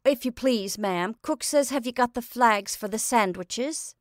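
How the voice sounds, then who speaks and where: A woman's voice: fairly high pitch, a little slow, no room sound, studio quality, voice pushed up, natural voice. Woman voicing a polite young housemaid. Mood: deferential. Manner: polite, deferential. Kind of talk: storybook reading.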